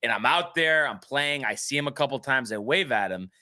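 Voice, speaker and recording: A man's voice: mid-range voice, expressive, a little fast, pushed and bright. A man co-hosting a podcast, telling a long story in casual chat, full of restarts and acted-out quotes. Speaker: podcast co-host.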